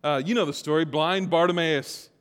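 Man, pastor, conversational sermon, slightly high voice, hushed to emphatic, long reverb. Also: steady tone, moderate pace, smooth. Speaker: preacher.

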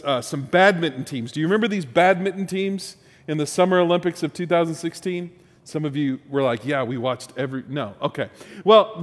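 A man's voice: fairly high pitch, long reverb tail. A man from the United States preaching a sermon, conversational and joking, teasing his congregation. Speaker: pastor.

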